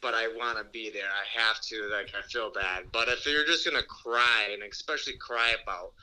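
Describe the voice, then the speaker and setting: A man's voice: lowish voice, moderate pace, bright, forceful tone, clean tone. A man on a phone call, casually telling a rambling story with laughs and backtracks. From New York. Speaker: phone-in guest. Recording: phone line.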